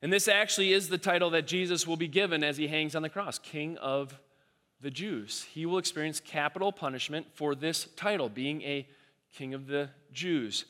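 A man preaching a sermon, animated and repeating himself as he acts out quoted voices. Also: on the high side, moderate pace. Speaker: pastor. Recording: long hall reverb.

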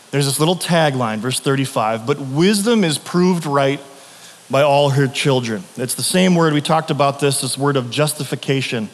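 A man's voice: fairly high pitch, in a large hall. A man preaching a sermon as pastor, telling stories in a loose conversational way with frequent restarts.

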